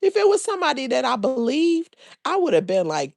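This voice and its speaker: A woman's voice: on the high side, very animated, fairly quick, dry recording, clean studio sound. A woman hosting a live reaction stream, talking bluntly and sassily in slang. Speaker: livestream reaction host. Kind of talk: casual live reaction commentary.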